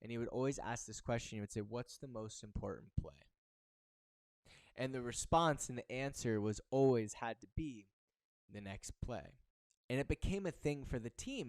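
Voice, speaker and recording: Guy doing a motivational talk, keeps repeating himself for emphasis, smooth clear voice, dry sound. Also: mid-range voice, a little mellow, dry recording. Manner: emphatic, repeats words and phrases. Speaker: football recruiting coach and host.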